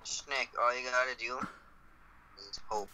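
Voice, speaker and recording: A man's voice: mid-range voice, flat delivery, measured pace, pushed and bright, faint music behind, rough recording. A man in casual gaming chat, teasing a friend and joking about the game. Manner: teasing, joking commentary with laughter.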